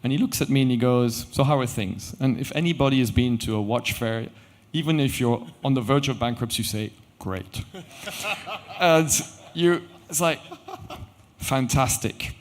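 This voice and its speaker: A middle-aged man, a company founder, telling a story on stage with animated quoted dialogue. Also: medium pitch, normal speed. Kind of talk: conference storytelling talk. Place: event stage.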